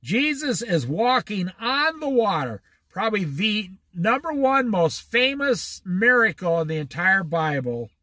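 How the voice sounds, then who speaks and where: A man leads a relaxed Bible study, reading scripture and unpacking it as if talking with friends. His voice sits high and swoops widely, and he takes his time. The sound is dry and close. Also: a little slow, few pauses, dry recording. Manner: conversational, reads verses then explains them, acts out quotes. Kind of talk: informal Bible study commentary. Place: on the Oregon coast.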